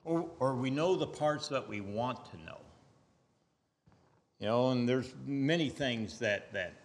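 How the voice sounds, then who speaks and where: A man preaching a sermon, emphatic, swinging from loud stressed lines to quiet asides. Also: medium pitch, lively intonation, measured pace, in a large hall.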